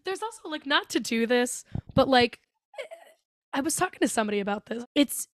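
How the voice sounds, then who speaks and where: A woman co-hosting a podcast in casual chat, animated and swearing freely as she acts out movie lines. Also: fairly high pitch, fairly quick, no echo, studio quality. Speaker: podcast co-host.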